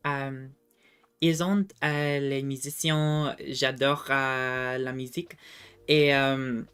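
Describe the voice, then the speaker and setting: A young adult woman streamer chatting casually with viewers, self-deprecating and halting when she tries French. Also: very deep voice, little pitch movement, a bit bright, smooth. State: slightly under the weather.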